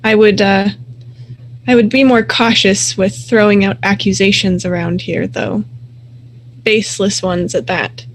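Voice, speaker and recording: A woman's voice: mid-range voice, steady tone, unhurried, slight background noise, close to an everyday voice, low-quality recording. A woman voicing a proud young female werewolf who talks in a terse, scolding way. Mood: grudging.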